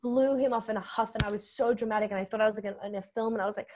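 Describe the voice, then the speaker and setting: A woman's voice: a little high, fast. Young aussie woman comedian, spilling a wild story, acts out every quote. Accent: Australian. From Australia. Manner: animated, swings into acted-out quotes. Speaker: podcast guest, comedian. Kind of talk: candid comic storytelling.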